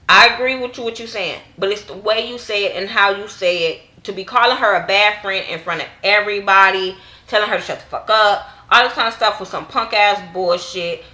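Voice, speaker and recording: Young woman vlogger, AAVE speech, blunt and profane, bright forceful tone, casual recap. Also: echoey room. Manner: blunt, cussing, acts out quotes with raised pitch. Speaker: YouTube TV reviewer.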